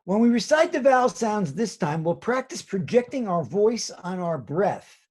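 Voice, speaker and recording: A man teaching a children's drama lesson, giving slow, soothing guided instructions. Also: sits high, big pitch swings, darkish tone.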